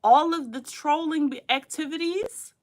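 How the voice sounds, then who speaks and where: A woman's voice: high-pitched, unhurried, a little mellow. A young adult woman, hosting a casual livestream in a chatty, emphatic way that repeats points and laughs often. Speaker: livestream host.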